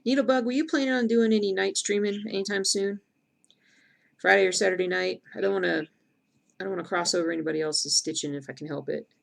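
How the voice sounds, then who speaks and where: A woman's voice: medium pitch, fast talker, gravelly. A middle-aged woman chatting casually on a live stream, rambling and answering viewer comments aloud as she works. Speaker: cross-stitch streamer.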